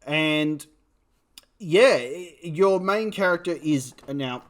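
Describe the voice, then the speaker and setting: A man with a New Zealand accent reviews a film casually, rambling, swearing, and laughing at himself. His voice is on the high side and expressive, slow, with a fairly bright tone.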